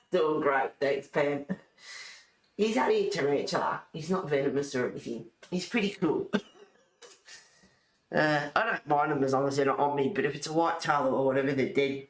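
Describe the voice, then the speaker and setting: Her voice is low, her speed normal, and she often pauses at length. In an echoey room, this colouring and junk-journal vlogger chats casually and laughs frequently while rambling through her crafts.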